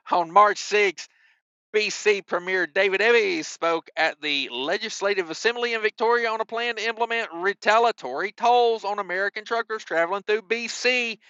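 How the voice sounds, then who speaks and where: A man's voice: sits high, moderate pace, sharp tone, clean tone, dry recording, lo-fi sound. A man hosting a trucking news show, reading stories and breaking off into wisecracking asides with mild cussing. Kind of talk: reading news with joking commentary.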